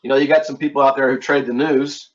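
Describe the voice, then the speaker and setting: A middle-aged man from Philadelphia hosting a casual trading webinar, talking in a halting way with many repeated words and fillers. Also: medium pitch, steady tone. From East Coast of the United States, Philadelphia. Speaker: webinar host and trading instructor. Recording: dull lo-fi online audio.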